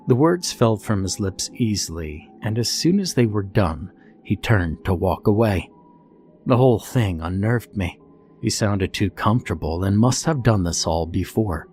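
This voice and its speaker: A man reading a first-person horror story in a calm, steady scripted narration. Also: fairly low pitch, moderate pace, soft background music.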